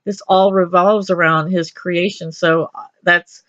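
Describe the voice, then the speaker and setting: A woman's voice: fairly low pitch, steady tone, unhurried, fairly bright tone, dry recording. Effusive radio host woman, dull lo-fi. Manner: effusive, rambling with restarts. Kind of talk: radio interview chat.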